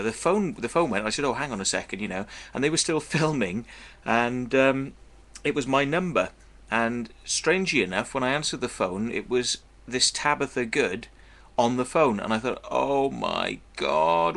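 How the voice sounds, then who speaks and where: A man's voice: medium pitch, a bit bright. A man telling a long story in a blunt, profane, meandering way to his viewers. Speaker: vlogger. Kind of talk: casual storytelling monologue.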